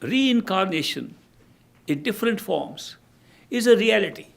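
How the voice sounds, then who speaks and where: An older man giving a spiritual discourse as a teacher, telling stories in a measured way and often restarting his phrases. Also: high voice, lively intonation, vocal fry.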